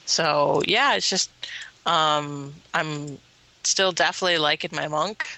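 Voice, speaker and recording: Bright-voiced chatty woman co-host. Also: deep voice, a little slow, low-quality recording. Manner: hesitant, many fillers, chatty. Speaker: podcast co-host. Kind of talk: casual chat.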